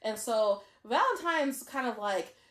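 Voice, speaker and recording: A woman co-hosting a casual drama recap, telling the story in an animated way and slipping into quoted voices. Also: a little high, unhurried, reverberant. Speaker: podcast co-host.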